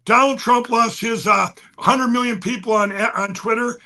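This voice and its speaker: A man telling a story as a guest, restless and quick, restarting sentences and swinging between loud and soft. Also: very high voice, steady tone. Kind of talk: excited conversational storytelling.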